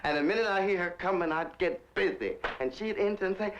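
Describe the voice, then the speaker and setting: A man's voice: high-pitched, a little fast, fairly bright tone, a little hiss or hum. A man telling candid stories to the camera in a camp, flamboyant way, laughing often as he talks. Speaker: interviewee telling life stories. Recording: dull 1960s film recording.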